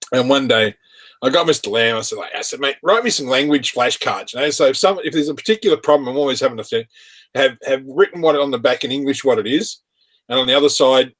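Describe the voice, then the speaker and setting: A man's voice: mid-range voice, quick pace, fairly bright tone. A man telling rambling work anecdotes in casual chat, laughing often. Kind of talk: casual chat on a live stream.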